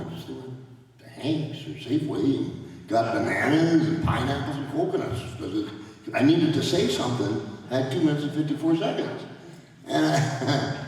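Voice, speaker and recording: A man's voice: fairly high pitch, animated, fairly quick, darkish tone, a little hiss or hum. A man telling rambling stories as a panel guest, laughing often as he talks, in a large convention hall. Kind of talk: anecdotal storytelling at a fan panel. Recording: echoey hall, voice from far off.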